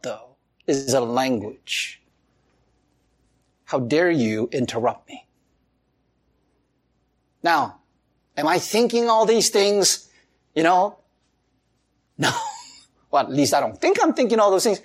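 Male pastor mid-sermon; very lively, swooping pitch, expressive and animated. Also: unhurried, pauses often. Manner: animated preaching with laughs and acted-out quotes.

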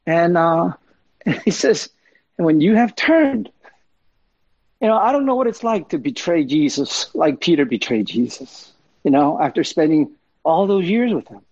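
Husky-voiced preacher, conversational and emphatic. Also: male voice, a little high, animated, moderate pace, darkish tone, no echo. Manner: conversational, emphatic, with many fillers and asides. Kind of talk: sermon. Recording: dull lo-fi sound.

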